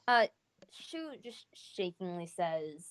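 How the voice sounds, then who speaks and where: A woman's voice: on the low side, big pitch swings, takes it slowly, clean tone. A woman running a tabletop role-playing game, hesitating often as she describes the scene and calls for rolls. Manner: hesitant, many fillers. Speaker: game master.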